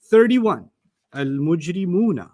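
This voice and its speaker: A man runs an online class in a quick, teasing way. His voice sits a little high for a man. He jokes with his students between points. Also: expressive, warm tone. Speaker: teacher.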